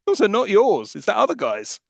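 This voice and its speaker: Fast-talking man in jokey podcast banter. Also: sits high, wildly swooping pitch, vocal fry, dry recording, highs cut off. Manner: quick, jokey banter, laughs often. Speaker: podcast co-host. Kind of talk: casual film-review chat.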